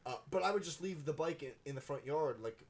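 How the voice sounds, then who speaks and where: A man's voice: fairly high pitch, animated, quick pace. A man hosting a podcast, telling stories in a casual, profane, joking way. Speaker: podcast host. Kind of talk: casual chat. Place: podcast studio.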